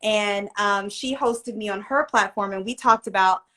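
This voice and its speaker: A woman in her forties hosting a casual livestream chat, animated and chatty, on a video call. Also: mid-range voice, moderate pace. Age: 40s. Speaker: host.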